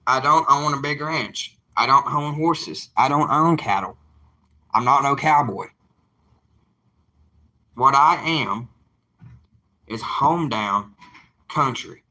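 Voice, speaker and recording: A young man speaks in a thick Southern drawl, talking straight to his viewers in a casual vlog. His voice is intensely bright and forceful, and he hammers his points home with folksy repetition. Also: medium pitch, slow, pauses often. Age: young adult. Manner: emphatic, folksy, repeats himself for emphasis. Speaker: evangelist vlogger.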